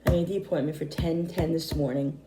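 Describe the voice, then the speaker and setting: A middle-aged woman talks to her viewers in a loose, rambling way, circling back over the same points. Her voice is low, mellow and a little hoarse, and she sounds tired. The sound is echoey, as if she is recording in a bare room. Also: steady tone, fairly quick. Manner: rambling, repeating herself. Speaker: vlogger. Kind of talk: casual chat to camera.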